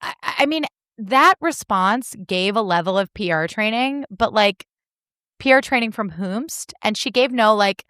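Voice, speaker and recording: A young woman hosting a solo podcast, recapping reality TV in animated, indignant, sarcastic talk with plenty of swearing. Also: medium pitch, measured pace, dry recording, studio quality. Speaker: podcast host.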